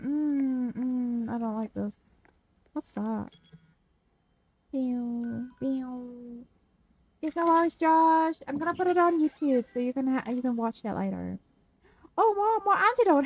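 A woman's voice: sits high, expressive, normal speed, a little mellow, dry recording, rough recording. A woman live-streaming a horror game, chatting with viewers, swearing freely and shrieking at scares.

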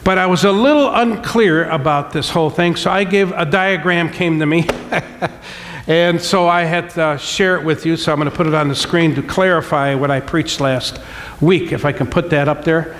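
A man pastor preaching a sermon, emphatic, slowing down to stress key words and calling for amens from the congregation. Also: fairly high pitch, a bit bright, slight background noise. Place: church sanctuary. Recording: long hall reverb from church sanctuary.

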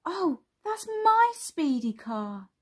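A woman's voice: big pitch swings, takes it slowly, full character voice. Bing, a woman putting on a shy little rabbit boy. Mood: cheerful. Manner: high, childlike and hesitant. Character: small shy rabbit boy, gentle and unsure. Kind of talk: storybook reading.

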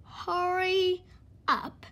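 Brief: a woman voicing a lazy, grumbling storybook man, words dragged out, high voice. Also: monotone, a little mellow, lightly acted. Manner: slow, drawn-out, complaining. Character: sluggish, sleepy, grumbling little man. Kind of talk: children's storybook reading.

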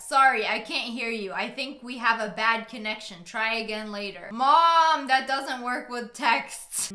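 A young woman in her twenties reads out funny text messages and reacts with giggles and blunt swearing. Her voice is very bright and slightly high. The room around her rings with noticeable echo. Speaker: YouTuber reading funny texts. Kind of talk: reading texts aloud with commentary. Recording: roomy echo.

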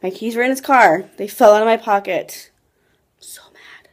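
A woman's voice: medium pitch, a little fast. A young woman vlogging casually into her phone camera, telling a rambling story full of "like" and restarts. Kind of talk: casual chatty vlog.

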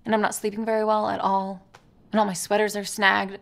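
A woman's voice: medium pitch, completely flat delivery, fairly quick, creaky, close to an everyday voice. Actress doing a worried girlfriend pouring out her troubles, comedy sketch, wants to be heard. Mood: weary. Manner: anxious, complaining, wants to be heard. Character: frustrated young woman venting to her partner.

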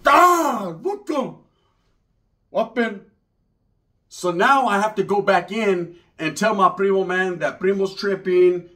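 A man telling a comedic story with heavy slang and profanity, sliding into low muttered voices when he quotes other people. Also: fairly bright tone.

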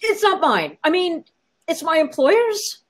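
A woman's voice: very high voice, very animated, a little slow, voice pushed up, heavily acted. A woman voicing a desperate, pretty young man with a cowboy drawl, pleading with a shaking voice. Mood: frantic.

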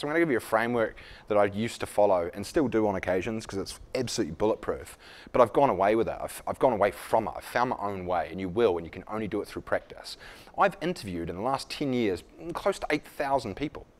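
A man's voice: fairly low pitch, animated, fast. A man leading a live leadership workshop, talking conversationally to the room and acting out example dialogues. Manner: conversational, self-deprecating, acts out dialogues. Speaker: leadership speaker.

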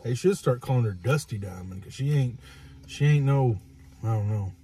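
A man's voice: medium pitch, expressive, moderate pace, dark tone, a little hiss or hum. A man chatting casually with his partner over a meal, joking in a laid-back, dry way. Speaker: co-host, partner. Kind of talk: casual chat while eating.

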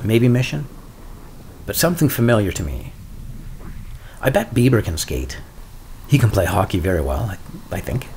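A middle-aged man with a fairly low voice hosts a solo podcast and talks in a dry, sarcastic, deadpan way. A faint hiss of noise sits under the recording. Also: gravelly. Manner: wry, deadpan asides, sarcastic humor. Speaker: podcast host.

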